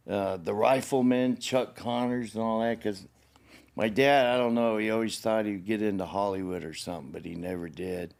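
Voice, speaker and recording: An older man from Los Angeles, the host's father, telling painful childhood memories in a rambling, heavily profane way. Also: on the low side. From Los Angeles, United States. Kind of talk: candid personal storytelling.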